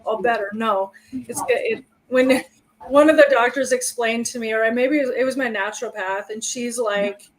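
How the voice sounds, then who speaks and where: A woman's voice: on the high side, fairly even intonation, normal speed, low-quality recording. A woman co-hosting a livestream, candidly sharing personal stories and getting emotional. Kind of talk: casual personal chat.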